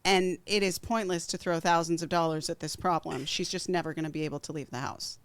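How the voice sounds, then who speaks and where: Calm, even-keeled woman co-host. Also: low voice, a little fast, smooth, no room sound. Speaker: podcast co-host. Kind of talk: comedic casual chat.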